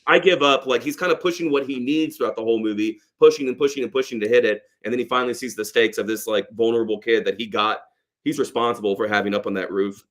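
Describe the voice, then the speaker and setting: A man in a relaxed podcast chat about a film, talking at a middling pitch. He gets animated and raises his voice when he acts out scenes. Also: fast. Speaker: podcast co-host. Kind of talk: casual movie review chat.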